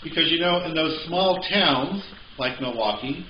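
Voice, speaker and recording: A man's voice: on the high side, expressive, unhurried, slight background noise. Chatty male pastor in echoey church. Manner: conversational with joking asides. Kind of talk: sermon. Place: church sanctuary. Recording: echoey, slightly dull church recording.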